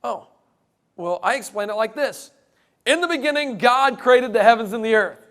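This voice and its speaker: A man with a strikingly high voice gives a joking lecture to a live audience. He keeps it light and animated, with playful asides. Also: moderate pace. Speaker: creationist speaker.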